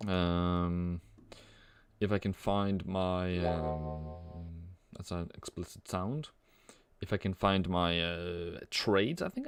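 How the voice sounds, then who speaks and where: With a smooth, fairly low voice and no room sound, a young man chats his way through a live trading stream. He rambles playfully, joking and humming between market calls.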